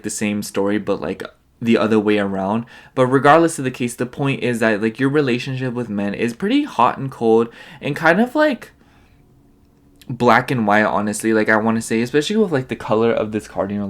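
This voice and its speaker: A man giving a casual pick-a-card tarot reading, rambling and filling nearly every phrase with "like". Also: on the low side. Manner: rambling, filler-heavy, leans on "like" constantly. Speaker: tarot reader.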